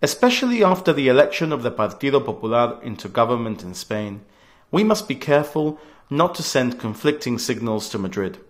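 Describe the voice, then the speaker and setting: A man's voice: medium pitch, big pitch swings, a little fast. A man of about forty, giving a scripted political radio address in an earnest, emphatic way, leaning hard on key words. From Gibraltar.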